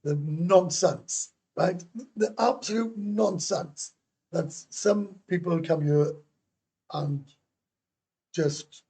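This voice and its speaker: Hosting a laid-back livestream, this middle-aged man from Wales rambles bluntly, curses and responds to comments from viewers. He speaks very slowly in a high, husky voice with a dark tone.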